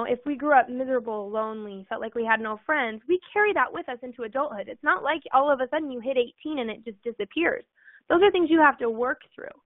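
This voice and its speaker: A woman's voice: sits high, no echo. A woman in her thirties giving an earnest motivational talk, telling stories with casual fillers. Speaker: motivational speaker. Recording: tinny phone-like sound.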